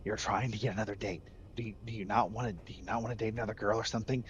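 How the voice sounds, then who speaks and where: An angry mother scolds her son in a hurried, hushed rush, as a deep-voiced man puts her on. Her words tumble out fast and low. The sound is slightly muffled, with a faint hiss behind it. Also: fairly even intonation, lightly acted. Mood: scolding.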